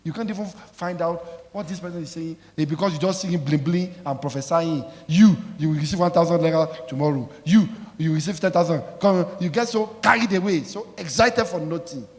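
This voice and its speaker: A man's voice: fairly high pitch, a little fast, a little mellow. A man preaching a sermon as pastor, emphatic and scolding, calling out questions for the congregation to answer. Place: church. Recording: echoey church hall.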